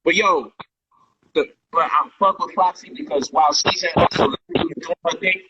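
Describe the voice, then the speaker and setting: A man casually telling a personal story on a livestream, animated and profane, loudly acting out heated quotes. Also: a little high, normal speed, slightly rough, dry recording, muffled recording. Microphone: phone or livestream mic.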